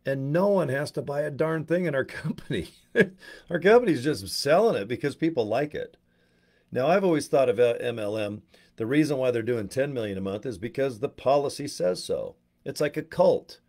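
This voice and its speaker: A man's voice: medium pitch, lively intonation, normal speed, a little mellow. A man giving a casual, rambling, blunt monologue to camera as an online business promoter.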